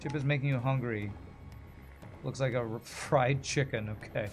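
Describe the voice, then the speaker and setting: A man's voice: mid-range voice, normal speed, music in the background. A man live-streaming a strategy game, his voice sitting in the middle range as he vents about a punishing run. He swears freely, sighs and apologizes between complaints, swinging from muttered grumbles to sudden outbursts. A faint game soundtrack runs underneath. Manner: frustrated, swearing, apologetic ranting. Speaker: streamer playing a video game.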